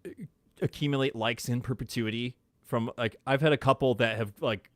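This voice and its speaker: A man's voice: medium pitch, fairly even intonation, brisk, no room sound, clean studio sound. A man hosting a podcast in casual chat, telling stories with lots of fillers and hesitations. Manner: hesitant, filler-heavy storytelling. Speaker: podcast host.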